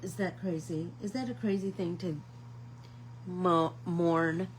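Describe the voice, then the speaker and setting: A woman's voice: medium pitch, fairly quick, warm tone, slight background noise, low-quality recording. A middle-aged woman hosting a casual live painting class, chatting to viewers like friends and rambling through stories. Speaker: art class host.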